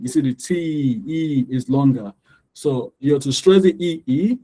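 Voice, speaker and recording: A man's voice: medium pitch, measured pace, mellow, rough recording. A man teaching an English pronunciation lesson, drilling word stress and mixing in life advice, repeating words over and over. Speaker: English tutor.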